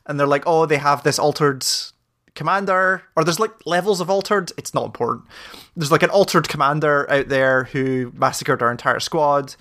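A man in casual podcast chat about a game, talking animatedly with lots of swearing, acting out the scenes he describes in quick voices. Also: on the high side, fairly bright tone. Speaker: podcast co-host.

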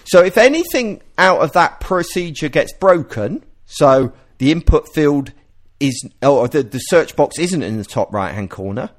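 A man hosting a podcast, explaining ideas in a casual, animated way and often restarting his sentences. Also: a little high, measured pace. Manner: animated, explanatory, self-interrupting. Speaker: podcast host.

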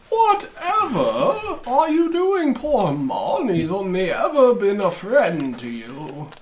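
A man voicing an eerie talking talisman spirit in a tabletop game, slow and drawn-out. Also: very high voice, huge pitch swings, slight background noise, pitched above the performer's own voice, full character voice. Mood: mocking.

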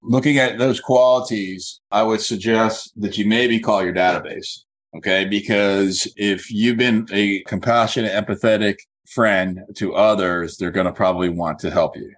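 A man coaching a real estate agent one-on-one, working through points methodically and repeating key phrases slowly. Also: on the low side, fairly even intonation.

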